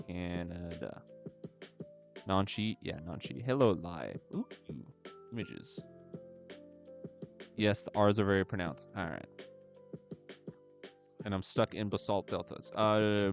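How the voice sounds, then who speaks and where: A male streamer talks casually over a game, his voice sitting a little low. He jokes and stumbles cheerfully as he reads text aloud. Soft music plays faintly in the background. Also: vocal fry. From United States. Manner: chatty, joking, fumbles while reading aloud. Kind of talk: casual chat while gaming. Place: at home, gaming live. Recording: music playing faintly behind.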